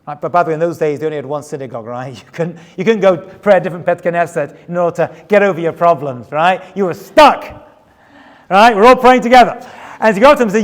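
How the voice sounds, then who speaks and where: A man teaching as a rabbi in an animated, rhetorical storytelling style that keeps checking in with his listeners. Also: high-pitched, fast. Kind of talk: sermon-style lecture with storytelling. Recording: long hall reverb.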